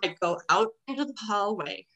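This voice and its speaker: A woman's voice: medium pitch, normal speed. A middle-aged woman, a teacher, telling a story casually and animatedly, acting out what she said. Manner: animated, acts out her own past words.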